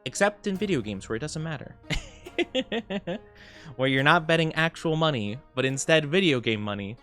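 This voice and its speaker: A man streaming as a VTuber talks at a normal speed in a voice on the high side, with soft background music. He chats casually while playing, reads chat aloud, rambles, laughs often, and gets excited greeting viewers.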